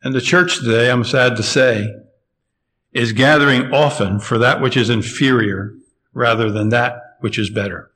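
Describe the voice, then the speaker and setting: A man preaching an expository sermon, measured and emphatic, slowing down to stress key phrases. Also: mid-range voice, steady tone, bright, forceful tone, low-quality recording.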